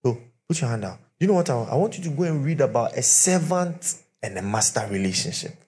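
A male pastor, preaching to his congregation in an animated way. He tells stories and drops pidgin asides. His voice sits at a mid pitch. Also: brisk. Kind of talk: sermon. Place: church with live and online congregation.

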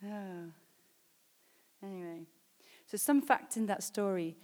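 A woman's voice: medium pitch, slow pace, pauses often. A woman delivering a sermon, reading scripture aloud and pressing her points with rising, emphatic calls. Her voice sits mid-range and carries a long reverb from the hall around her. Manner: builds to loud emphatic exhortations. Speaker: preacher.

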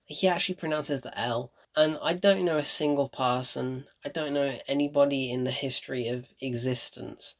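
A man's voice: medium pitch, steady tone, normal speed, hardly any pauses. Blunt man ranting about a film. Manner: blunt, emphatic, repeats points for effect. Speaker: film reviewer. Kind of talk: casual opinionated film review.

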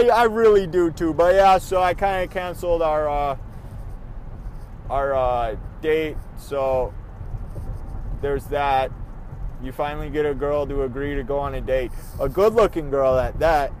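A man's voice: mid-range voice, unhurried, long pauses, a little mellow, a little hiss or hum. A young man hosting his own podcast, talking casually in a rambling, self-deprecating way with easy swearing. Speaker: podcast host. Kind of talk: casual solo podcast monologue.

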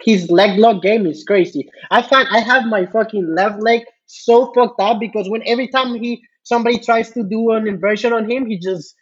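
Man, high voice, husky, rambling casual storyteller, lots of fillers, dull lo-fi sound. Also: normal speed, few pauses. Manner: rambling, many fillers and restarts, laughs often. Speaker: podcast guest, jiu-jitsu student.

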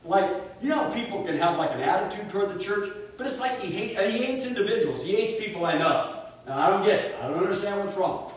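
A man's voice: high-pitched, a little fast. Man preaching in an echoey room. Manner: animated storyteller, drops to hushed tones for quoted family. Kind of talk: sermon, personal story. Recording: echoey room, speaker far from mic, faint hiss.

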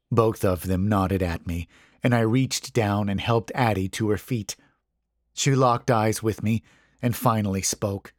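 Guy with a lowish voice reading a creepy story, slow and tense, dry close sound. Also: no room sound. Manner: measured, suspenseful first-person reading. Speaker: story narrator. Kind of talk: scripted horror narration.

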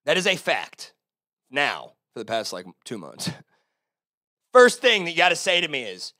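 A man with a Texan accent hosting his own solo podcast, ranting casually with lots of swearing, swinging from loud outbursts to low mutters. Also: sing-song, a little slow, no room sound, clean studio sound. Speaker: podcast host. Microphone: close-talking podcast mic.

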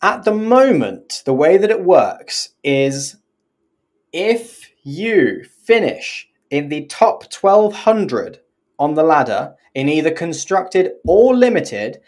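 A woman's voice: deep voice, big pitch swings, takes it slowly, a little mellow. A woman co-hosting a podcast, explaining the rules in casual chat, often laughing and now and then swearing. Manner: chatty, swears, laughs while explaining, puts on silly accents for single words. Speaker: podcast co-host.

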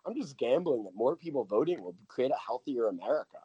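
A man's voice: mid-range voice, big pitch swings, a little fast, mellow, husky, dry recording, highs cut off. A man speaking as a guest from a voter nonprofit, earnest and thinking aloud with lots of fillers and restarts. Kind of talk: casual conversational interview.

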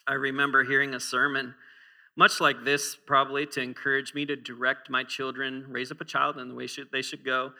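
A man's voice: mid-range voice, sharp tone. A man in his forties preaching a sermon in a church, conversational and humorous, often asking the congregation questions.

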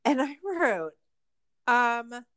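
A woman's voice: a little high, sing-song, drawn-out words, a bit bright, no room sound. A woman co-hosting a casual podcast, ranting with heavy profanity and sarcasm. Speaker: podcast co-host.

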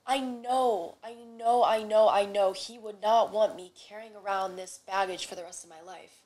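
A woman's voice: mid-range voice, steady tone, normal speed, darkish tone. A young woman speaking earnestly as a podcast guest, spiritual and heartfelt, often repeating her phrases. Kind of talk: heartfelt conversation.

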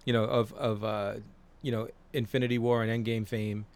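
A man in his forties chatting on a podcast in a rambling, profane way, full of fillers. His voice sits at an ordinary middle pitch. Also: little pitch movement, normal speed, darkish tone. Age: 40s. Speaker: podcast co-host. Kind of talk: casual chat.

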